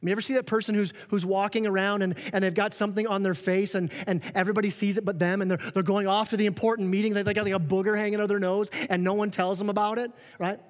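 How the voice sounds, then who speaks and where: A man preaching a sermon as pastor, earnest and animated, often restarting his sentences and acting out quoted remarks. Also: high voice, very fast, few pauses. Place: church auditorium. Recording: long reverb of a church hall.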